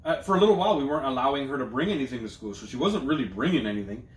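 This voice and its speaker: A man's voice: medium pitch, expressive, racing, reverberant, distant mic. A man co-hosting a podcast, telling loose, profane stories in casual chat. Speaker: podcast co-host.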